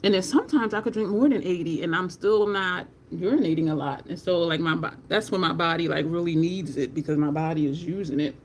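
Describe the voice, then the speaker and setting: A woman's voice: on the low side, fairly quick, hardly any pauses, slight background noise. A teary woman, chatting candidly on a makeup livestream, swearing casually and thanking viewers in chat. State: teary, near crying.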